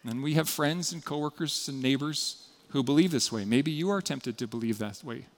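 A man preaching a sermon as pastor, earnest and often dropping to a quiet, intimate tone. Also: medium pitch, moderate pace. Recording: long hall reverb.

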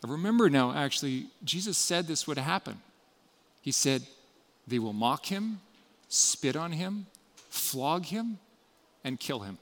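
A man giving a sermon, retelling a story with dramatic shifts between loud emphasis and hushed passages. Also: a little high, animated, measured pace, long pauses, big-room sound. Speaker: preacher.

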